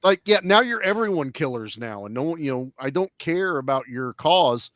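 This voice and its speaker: Blunt, profane man, fairly high voice. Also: moderate pace, no echo, studio quality. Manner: blunt, profane, animated storytelling. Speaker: panelist reviewing a film. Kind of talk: casual chat.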